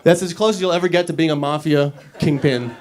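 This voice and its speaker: A man's voice: fairly high pitch, brisk, some chatter behind. A man doing a stand-up comedy set in a club, acting out little scenes with silly voices. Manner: animated, acts out characters with silly voices.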